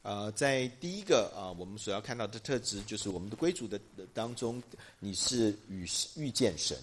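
A man's voice: on the low side, animated, a little fast. Man interpreting a sermon, hesitant. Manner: hesitant, many filler sounds. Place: church.

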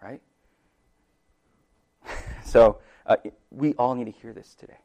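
Conversational pastor, loudness swinging widely. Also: male voice, medium pitch, takes it slowly. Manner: conversational, lots of "right?" asides and laughs; loudness swings widely between soft and emphatic. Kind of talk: sermon.

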